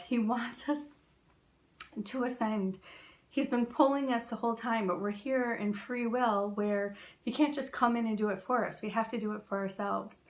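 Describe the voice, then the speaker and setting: A woman from the United States, a spiritual teacher, talking in a casual, chatty way with lots of fillers and animated storytelling. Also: mid-range voice.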